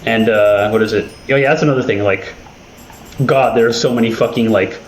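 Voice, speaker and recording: On his own channel, this host chats over gameplay in a lowish, fairly quick voice, rambling, cursing heavily and making fun of himself. The low-quality recording has room echo and a slight hiss or hum.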